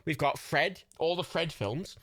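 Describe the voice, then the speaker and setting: A man's voice: fairly high pitch, unhurried, a bit bright. A man of Irish heritage co-hosting a livestream, chatting casually about films, jokey and laughing often. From Ireland. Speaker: livestream co-host.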